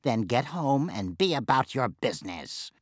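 A man voicing a curt, snappish dwarf who lectures in a measured way. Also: mid-range voice, sing-song, no room sound, studio quality. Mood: scolding. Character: curt, snappish red-headed dwarf, scolding mortals.

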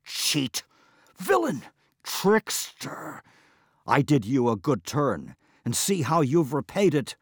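A man's voice: mid-range voice, very animated, unhurried, no echo, studio quality. A man voicing a distressed aging farmer who groans and cries out in rising outbursts. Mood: furious.

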